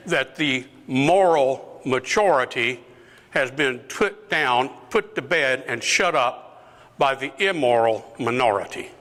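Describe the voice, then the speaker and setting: An older deacon speaks slowly to a gathered parish group, his voice bright and forceful. He acts out quoted exchanges, pushing the quoted lines up toward shouts. The sound carries a long reverb from a parish hall. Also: medium pitch, expressive. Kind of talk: talk to a parish lunch group.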